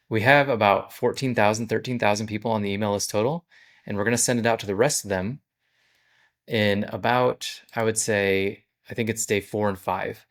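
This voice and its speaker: A man with a fairly low voice talks through his business plans in a relaxed vlog. He explains each step plainly and conversationally, like an owner showing how he runs things.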